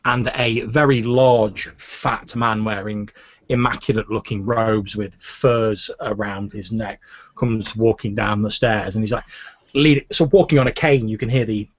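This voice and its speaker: A man narrating as game master of a tabletop game, with some stammering. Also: on the low side. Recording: muffled lo-fi recording.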